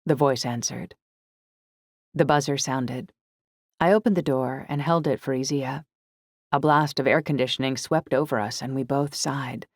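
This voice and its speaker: A woman reading a first-person novel aloud in measured, scripted narration. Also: a bass voice, steady tone, darkish tone, no room sound, studio quality. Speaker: audiobook narrator.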